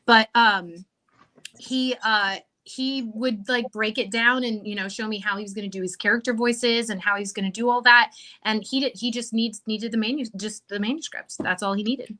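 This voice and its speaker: Woman guest author, casual and chatty, laughs a lot, bright tone. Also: fairly high pitch, fairly even intonation, normal speed. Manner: chatty, laughs often, trails off in fillers. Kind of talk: casual interview chat.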